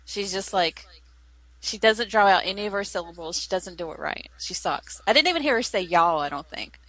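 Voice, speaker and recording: A woman's voice: medium pitch, animated, fairly quick, a bit bright, dry recording. A Southern woman co-hosting a podcast, chatty and opinionated, often laughing. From American South. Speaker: podcast co-host. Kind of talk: casual chat.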